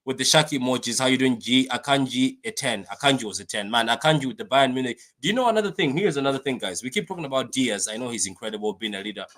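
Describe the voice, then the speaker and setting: Bright-voiced excitable man hosting a stream. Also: mid-range voice, fast talker, hardly any pauses. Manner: excitable, repetitive, reads viewer comments aloud. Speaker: fan channel host. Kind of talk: live-stream match reaction chat.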